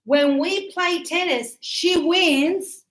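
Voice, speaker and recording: A woman's voice: very high-pitched, drawn-out words, fairly bright tone. A woman teaching an English grammar lesson to a class, explaining patiently with examples and encouraging her students. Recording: echoey classroom sound.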